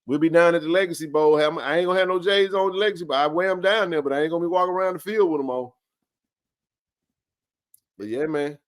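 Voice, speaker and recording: A man hosts a live sports chat in a relaxed, slang-heavy way. His voice sits a bit high for a man, and he fills his talk with "man" and "bro.". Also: quick pace, long pauses. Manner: laid-back, slangy, says "man" and "bro" a lot. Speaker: livestream sports show host.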